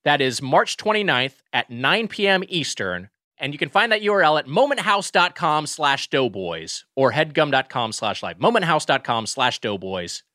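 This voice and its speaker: Bright-voiced man reviewing food. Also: fairly high pitch, big pitch swings, normal speed, hardly any pauses, dry recording, studio quality. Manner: rambling, restarts often, emphatic. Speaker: podcast co-host. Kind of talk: casual comedic food review chat.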